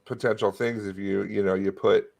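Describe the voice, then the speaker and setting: A man co-hosting a comedy podcast, answering in a deadpan way with short, curt replies. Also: lowish voice, normal speed, gravelly. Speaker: podcast co-host. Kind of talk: casual comedic chat.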